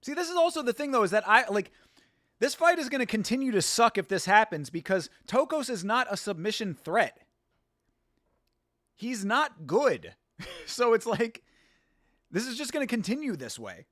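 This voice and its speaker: Man, watch-along host, excitable fight reactions, frequent laughs, tense edgy tone, dry close-miked sound. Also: very high voice, normal speed, pauses often, dry recording. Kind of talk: casual live fight reaction commentary. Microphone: close to the mic.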